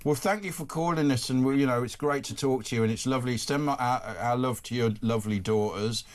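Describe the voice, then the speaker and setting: A man's voice: medium pitch, fast. A man hosting a talk radio show, chatting with a caller in a casual, reassuring way. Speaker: host.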